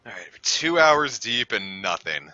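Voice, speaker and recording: Bright, lively young man streamer. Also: fairly low pitch, measured pace, no room sound, faint music behind. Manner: rambling, filler-heavy talk. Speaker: game streamer. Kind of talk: casual live-stream chat. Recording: dull lo-fi dry home mic.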